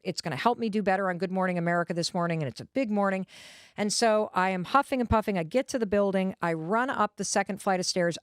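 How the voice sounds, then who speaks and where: Lively woman telling a personal story. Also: mid-range voice, dry recording, clean studio sound. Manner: lively, animated and confiding. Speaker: host.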